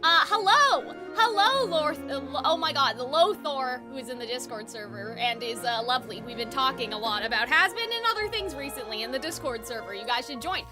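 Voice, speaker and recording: A woman with a high, congested voice hosts a casual livestream, chatty and giggly as she rambles along. Music plays clearly behind her. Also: expressive, brisk, few pauses. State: congested, sniffly. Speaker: YouTube host.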